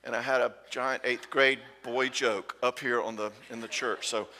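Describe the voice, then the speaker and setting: Man, folksy joking conference talk, bright tense voice, long hall reverb. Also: medium pitch, fairly even intonation, normal speed. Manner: folksy, joking, acts out spouses' lines. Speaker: conference speaker. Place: church hall.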